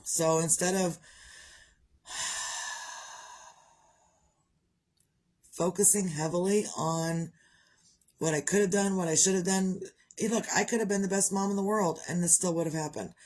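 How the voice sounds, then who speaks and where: A woman's voice: on the low side, darkish tone, poor audio. Grieving mother talking casually. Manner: rambling, heartfelt, grieving mother. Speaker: vlogger, crocheter. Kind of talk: casual personal vlog.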